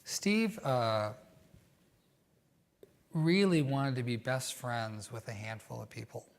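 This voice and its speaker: Man recounting stories in a relaxed interview. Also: medium pitch, takes it slowly. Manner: animated and reflective, with many "you know" fillers. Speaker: guest. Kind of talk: conversational interview storytelling.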